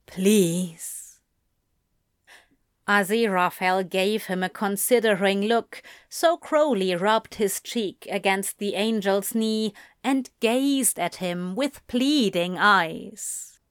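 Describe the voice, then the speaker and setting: Slow, intimate woman reading a story. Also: mid-range voice, clear, resonant tone, no room sound, studio quality. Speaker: reader. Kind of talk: reading fan fiction aloud.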